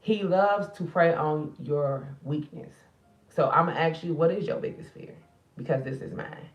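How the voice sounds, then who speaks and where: A woman's voice: deep voice, normal speed, reverberant, recorded from a distance, lo-fi sound. A tired woman talking at night to her viewers in a casual, emotional vlog. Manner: tired, emotional, talks straight to viewers as sisters. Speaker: spiritual card reader and channel host.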